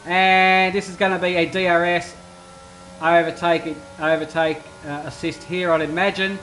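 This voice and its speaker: A man calls an online racing league in casual play-by-play, his voice pitched high. He breaks into excited bursts when drivers battle. A faint hiss sits under the recording. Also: moderate pace, poor audio. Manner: chatty, excitable bursts over steady play-by-play. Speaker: race commentator. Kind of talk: esports sim racing commentary.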